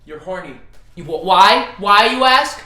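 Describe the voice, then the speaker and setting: A woman's voice: mid-range voice, animated, measured pace, pushed and bright. A woman reacting to a story with casual, joking commentary, full of swearing and goofy asides. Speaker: streamer reacting to her writing.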